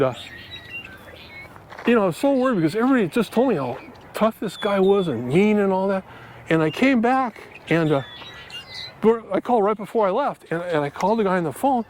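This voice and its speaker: Middle-aged male vlogger, high voice, earnest rambling stories, park ambience with faint noise behind. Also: a little mellow. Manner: rambling, earnest, many fillers and restarts. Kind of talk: casual storytelling to camera. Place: outdoors in a park.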